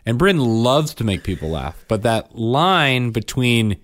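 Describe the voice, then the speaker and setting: A man in his thirties co-hosting a casual chat, telling family stories with lively acted-out lines. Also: medium pitch, unhurried, no echo. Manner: animated storyteller, acts out his kids' lines. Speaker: podcast co-host.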